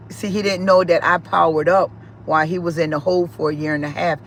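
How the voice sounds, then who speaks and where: A woman's voice: lowish voice, fairly even intonation, fast, slight background noise, poor audio. Emphatic woman giving testimony. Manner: emphatic, repetitive, emotional storytelling. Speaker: spiritual speaker. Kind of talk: personal testimony.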